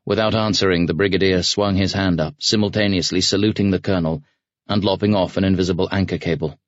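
A man narrating an audiobook in a measured, even reading voice, recorded close in a studio. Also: sits low, no room sound. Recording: dry, slightly dull studio recording.

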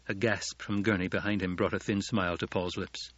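A man narrating a novel as an audiobook, in steady storytelling. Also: low-pitched, a little fast, few pauses, dry recording. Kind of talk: scripted narration. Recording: dull lo-fi audiobook recording.

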